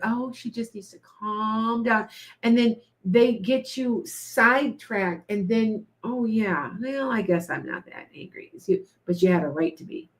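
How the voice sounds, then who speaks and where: A woman giving live tarot readings to viewers, talking in a chatty, repetitive, coaching way. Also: on the low side. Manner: chatty, repeats herself, coaching tone. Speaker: tarot reader.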